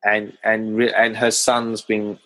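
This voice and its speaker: A man's voice: lowish voice, monotone, slow pace, fairly bright tone, low-quality recording. A man co-hosting a casual film discussion, retelling the plot and laughing often. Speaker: film podcast co-host.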